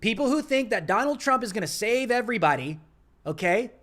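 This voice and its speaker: A young man with a fairly high voice hosts a political commentary livestream. He talks with passion and drives each point home by repeating it. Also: animated, a little fast, a bit bright. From United States. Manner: impassioned, emphatic repetition. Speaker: livestream host.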